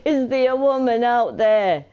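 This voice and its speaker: A woman's voice: a little high, a little slow, dark tone, smooth, lo-fi sound. A woman chatting casually while streaming a game, giggling often, swearing and teasing. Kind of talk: casual chat while gaming.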